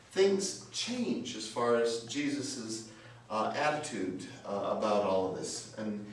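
A man preaching a sermon as pastor, emphatic, with rhetorical questions and repeated phrases, heard from a distance in a church sanctuary. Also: medium pitch. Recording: very echoey church, mic from afar, faint noise.

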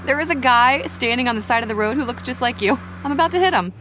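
A man's voice: extremely high pitch, lively intonation, fast, very noisy, pitched above the performer's own voice. A man voicing a ditzy, giggly young cartoon female rabbit. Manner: giggly, airheaded.

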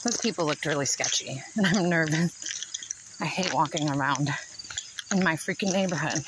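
A woman's voice: sits low, moderate pace, very noisy. A young woman from Ohio chatting casually into her phone as she walks home, rambling and repeating herself, a little out of breath. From Ohio, United States. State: slightly out of breath from walking. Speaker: vlogger. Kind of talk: casual walking vlog chat. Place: outdoors on a neighborhood street. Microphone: phone held while walking.

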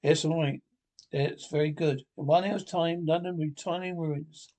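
Man as a grandiose mad old scientist, Napoleon-obsessed, theatrical, 1960s TV drama, fairly high voice. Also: steady tone, moderate pace, mellow, close to an everyday voice. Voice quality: pompous, theatrical. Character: pompous older male mad scientist playing Napoleon.

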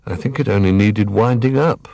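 A man voicing Old Bear, a wise and patient old male teddy bear who speaks calmly, in a storybook reading. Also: lowish voice, normal speed, vocal fry. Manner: calm and patient.

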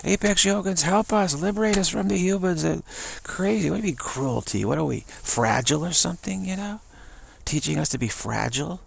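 A man voicing an exasperated talking dog that pleads to be rescued from humans, in a high, squawky voice. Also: a little fast, creaky, slight background noise. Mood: scoffing.

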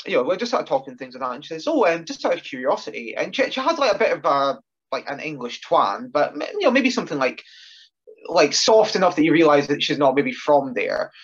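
A man's voice: a little high, sing-song, a little fast, breathy edge, muffled recording. A Scottish man from the northeast, a wrestler telling stories in a casual interview with many fillers. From northeast Scotland. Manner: anecdotal, filler-heavy, self-deprecating humour. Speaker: wrestler guest.

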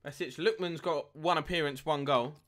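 A young man live-streaming a football game, chatting with viewers and getting excited at near misses. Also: fairly high pitch, moderate pace. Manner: chatty, reads chat aloud, excitable at goals. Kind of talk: live gameplay commentary and chat.

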